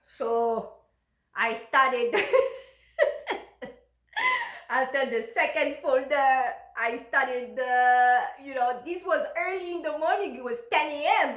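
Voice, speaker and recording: A woman with a high, bright-pitched voice tells a personal story to camera in a candid, unfiltered way. She is frank and emotional and swears freely. The sound carries a roomy echo. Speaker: vlogger recounting her own life.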